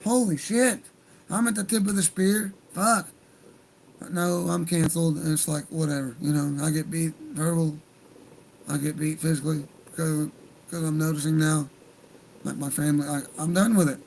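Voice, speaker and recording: A man's voice: a little high, fairly even intonation, normal speed, vocal fry, darkish tone, a little hiss or hum, poor audio. A man hosting a livestream, talking in a heated, profane, rambling rant. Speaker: livestream host.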